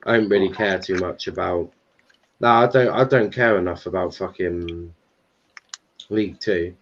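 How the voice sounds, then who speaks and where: Man, stream host, casual football banter, swears, low voice, muffled lo-fi sound. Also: moderate pace, slight background noise. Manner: loose banter with swearing and restarts.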